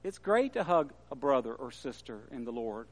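A man's voice: medium pitch, big pitch swings, moderate pace. A man preaching a sermon in an earnest, emphatic way that builds at times.

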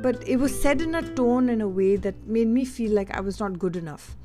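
A woman from Delhi shares personal stories in a candid, reflective way, often pausing to search for her words. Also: fairly high pitch, mellow, faint music behind. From India (Delhi). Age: adult. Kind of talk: personal storytelling monologue.

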